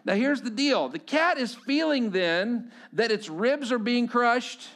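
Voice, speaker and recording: A man's voice: very high voice, expressive, measured pace, a bit bright. A male pastor preaching a sermon, talking conversationally and telling stories with asides to the congregation.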